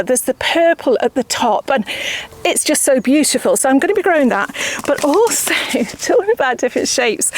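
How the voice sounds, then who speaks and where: Outdoors beside raised beds, a woman hosts her gardening channel, chatting casually and mocking herself as she sows seeds, sometimes dropping to a whisper as she works. Her voice is on the high side, with slight background noise.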